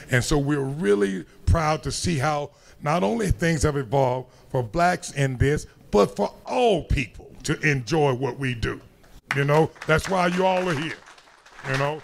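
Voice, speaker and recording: A man with a rough, gravelly voice, pitched a little above the usual, chatting loosely on a convention panel. He talks in a relaxed way, throws in curse words and checks in with the crowd. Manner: laid-back, swears, laughs often, asks the crowd to follow. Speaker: panel guest, retired wrestler. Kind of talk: casual panel chat.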